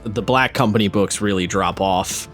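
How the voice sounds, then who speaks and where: A man's voice: on the low side, normal speed, a bit bright, soft background music. A man co-hosting a podcast in casual chat, rambling and wry, often breaking off mid-thought. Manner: rambling, self-interrupting, wry. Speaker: podcast co-host.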